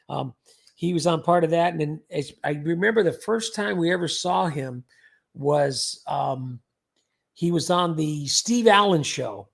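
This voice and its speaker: An older man chatting loosely on a livestream. He has a fairly high voice with a gravelly, husky grain, and he rambles along with lots of ums and restarts. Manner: rambling, chatty, full of fillers. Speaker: host. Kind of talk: casual livestream chat.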